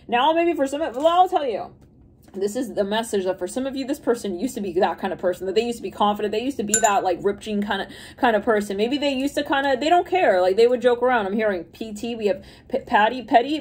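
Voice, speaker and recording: A woman's voice: on the high side, darkish tone. A woman giving a casual, rambling intuitive card reading, thinking aloud and laughing often. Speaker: tarot reader.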